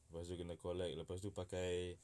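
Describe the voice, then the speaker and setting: A young man from Singapore chatting casually in a relaxed, laid-back way. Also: deep voice, quick pace. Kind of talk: casual chat mixing English and Malay.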